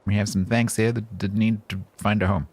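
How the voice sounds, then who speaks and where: Male streamer, very low voice, rambling self-mocking banter into a desk mic. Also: steady tone, a little fast, a little mellow, breathy edge, no echo. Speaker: game streamer. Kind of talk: casual live-stream chat.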